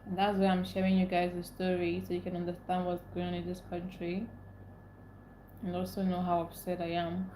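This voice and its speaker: A woman's voice: on the low side, monotone, a little fast, echoey room, noisy background. A young woman from Nigeria hosting a casual livestream, reading viewers' comments aloud and greeting them by name. She speaks emotionally, ranting about how upset she is. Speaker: livestream host. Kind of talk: casual live-stream chat, reading comments.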